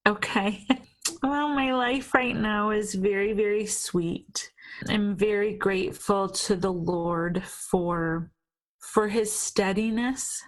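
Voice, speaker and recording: A woman's voice: mid-range voice, steady tone, slow, poor audio. A woman, a guest speaking earnestly and encouragingly in a faith-based interview. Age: 40s. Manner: earnest and encouraging, gentle restarts.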